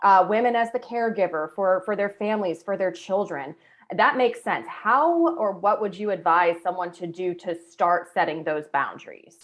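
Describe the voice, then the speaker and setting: A woman hosts an interview podcast and draws out her guest with measured questions. She affirms what she hears and speaks at an even, middle pitch. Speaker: podcast host and coach.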